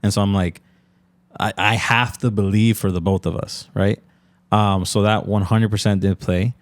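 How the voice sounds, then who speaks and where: A man as a podcast guest in casual conversation, earnest and halting, full of fillers and close to tears. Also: on the low side, steady tone, no echo.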